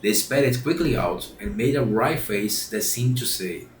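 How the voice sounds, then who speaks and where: A man with a fairly low voice reads a classic children's tale aloud. He often stops and repeats phrases before he goes on. The room gives the voice a noticeable echo, and there is a faint hiss behind it. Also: expressive, moderate pace. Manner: frequent restarts and repeated phrases. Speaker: reader.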